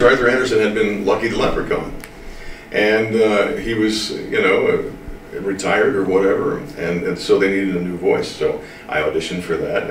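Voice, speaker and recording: Drawling and emphatic, slow to get things said, an older voice actor from the American Midwest recounts stories in a relaxed interview. His voice is lowish with a little hiss or hum, and a distant mic places him in a roomy room.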